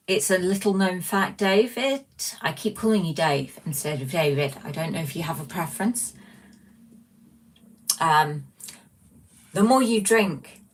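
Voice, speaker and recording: A chatty woman hosts a relaxed livestream, reading out viewer comments and poking fun at herself as she rambles on. Her voice sits low for a woman. She sounds a little distant from the mic in a small room. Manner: chatty, rambling and self-mocking. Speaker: livestream host.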